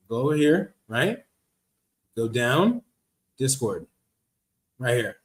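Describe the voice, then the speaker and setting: A man hosting a casual livestream Q&A, reading viewer comments aloud and answering in a slangy, laid-back way. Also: medium pitch. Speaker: livestream host.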